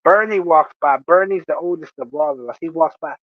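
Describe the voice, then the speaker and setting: Brief: animated male storyteller, high voice, dry muffled recording. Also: brisk, few pauses, dry recording. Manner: animated, laughing often. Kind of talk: casual storytelling.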